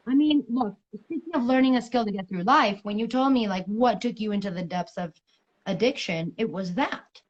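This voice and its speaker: A woman's voice: mid-range voice, normal speed, muffled recording. Frank, profane woman in her thirties. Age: 30s. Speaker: guest. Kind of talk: candid conversational storytelling. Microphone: remote video call.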